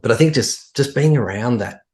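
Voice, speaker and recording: A man's voice: medium pitch, lively intonation, moderate pace, darkish tone. A middle-aged man with an Australian accent, chatting casually as a podcast guest, telling a story with many restarts and fillers. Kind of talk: casual chat.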